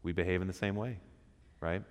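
A man preaches to a men's church gathering in a very low voice. He keeps it conversational, throwing questions to the room and acting out little quotes. His words ring out with a long hall reverb. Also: steady tone, fairly quick. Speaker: speaker at a men's church group. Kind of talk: interactive sermon with questions to the audience.

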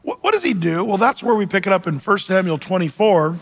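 A male pastor preaching a sermon, telling the story in an animated way with joking asides. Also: sits high, brisk. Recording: long hall reverb.

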